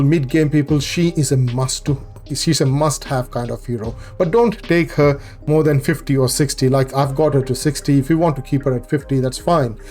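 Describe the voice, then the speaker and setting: A man's voice: medium pitch, warm tone. A man hosting a gaming channel, explaining a game guide casually and often repeating and correcting himself with fillers.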